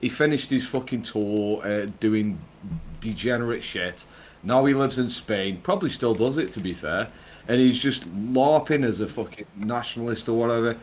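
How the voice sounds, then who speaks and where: A man with a mid-range voice, neither high nor low, ribbing his co-hosts on a casual podcast. He is sarcastic and crude, and he swears through nearly every sentence. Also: normal speed, slight background noise. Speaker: podcast co-host.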